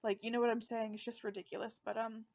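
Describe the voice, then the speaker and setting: Tearful higher-voiced woman podcast host. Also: level tone, quick pace, darkish tone. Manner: emotional, fighting back tears; conversational with fillers. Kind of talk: casual true-crime podcast narration.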